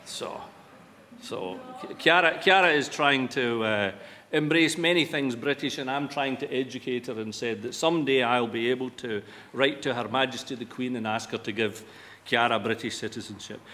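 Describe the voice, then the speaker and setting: A man's voice: medium pitch, normal speed, pushed and bright. A Scottish man giving a humorous after-dinner speech to a live audience, self-deprecating and wry, on a microphone in a large event hall. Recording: reverberant hall with light background noise.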